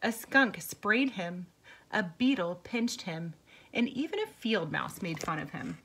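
A woman teacher reading a picture book aloud to children, slow, clear and patient. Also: fairly low pitch, very animated, pushed and bright.

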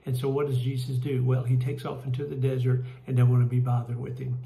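A man with a Kentucky accent leading a church Bible study, folksy and halting, with many fillers and restarts. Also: medium pitch, monotone, gravelly, dark tone, roomy sound, slight background noise, poor audio. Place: church room.

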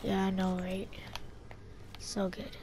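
A woman giving casual gameplay commentary, excitable and trash-talking, breaking into sudden yelps. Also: mid-range voice, slow, a little hiss or hum. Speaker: gaming channel host.

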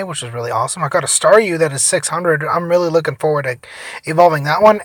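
A tired young man giving casual, profane gameplay commentary, rambling between loud outbursts and mumbled asides. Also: on the high side, no room sound. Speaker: gaming vlogger.

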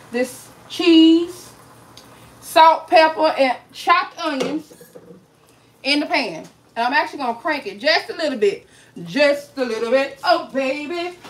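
A woman's voice: high voice, a bit bright. A woman hosting a casual cooking livestream, chatty and playful, talking straight to her viewers and joking as she goes. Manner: playful, swears and jokes.

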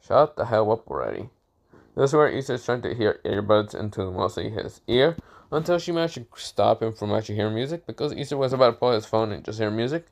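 A man's voice: fairly low pitch, fast. A man casually narrating a fan story, rambling with many fillers and casual swearing.

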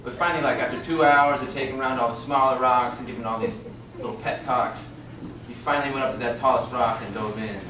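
A man's voice: mid-range voice, fairly even intonation, fast talker, reverberant, recorded from a distance, noisy background. Rambling man telling anecdotes from afar. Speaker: comedian. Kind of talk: storytelling testimonial.

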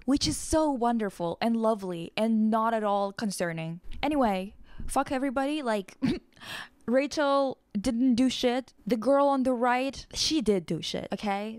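A woman's voice: a little high, a little mellow, dry recording. A young woman vlogger giving a blunt, profane, exasperated rant about pop culture. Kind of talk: casual ranting commentary.

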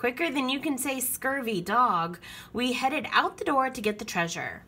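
A woman reading a children's picture book aloud with expressive storytelling. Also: high-pitched, normal speed, slightly rough.

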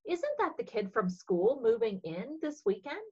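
Eager young schoolgirl, woman reader, raised pitch, animated. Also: unhurried, husky, dull audio, exaggerated voice. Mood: curious. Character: friendly young girl, a school friend.

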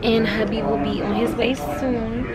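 A young woman, chatting excitedly to camera in a casual vlog. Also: a little high, unhurried, loud music behind the voice. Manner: chatty, excitable, says "y'all" a lot. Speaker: vlogger.

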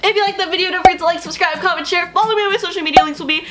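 A woman's voice: extremely high pitch, a crowd in the background. A young woman vlogging in a casual, bubbly and gushing way, full of fillers. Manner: bubbly, gushing, fast with many likes. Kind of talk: casual chatty vlog.

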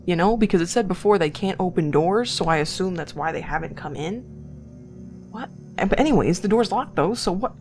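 Excitable young woman gaming with guitar music. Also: on the low side, fairly quick. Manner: excitable, gasps and frequent exclamations. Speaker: let's play gamer. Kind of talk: casual gameplay commentary.

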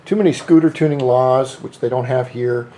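A man's voice: mid-range voice, normal speed, dark tone. A middle-aged man giving a casual how-to vlog from his workshop, rambling, joking and cussing freely as he spray paints parts. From United States. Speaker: scooter hobbyist vlogger.

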